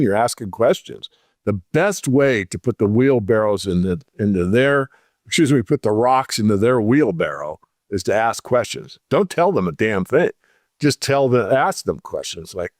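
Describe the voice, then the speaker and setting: A man's voice: lowish voice, expressive, moderate pace, a little mellow, no room sound, studio quality. A man, an interview guest, telling an everyday story in casual talk, acting out both sides of the conversation.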